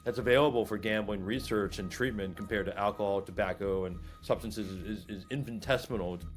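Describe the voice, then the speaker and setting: A man's voice: fairly low pitch, a little fast, faint music behind. A man giving a serious, emphatic interview answer.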